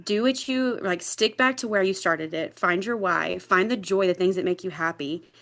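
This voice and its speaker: A woman of middle pitch talks on a group video call. She rambles, fills her talk with "like" and "um", and grows teary now and then. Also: normal speed, fairly bright tone. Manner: rambling, lots of "like" and "um", gets teary. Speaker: sales team member sharing her story.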